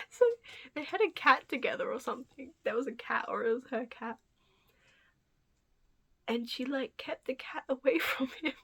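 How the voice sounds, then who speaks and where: Amused young woman vlogger, high voice. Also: moderate pace, pauses often, fairly bright tone, breathy edge. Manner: amused and incredulous, with whispered asides. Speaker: commentary vlogger. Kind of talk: casual commentary on a scandal.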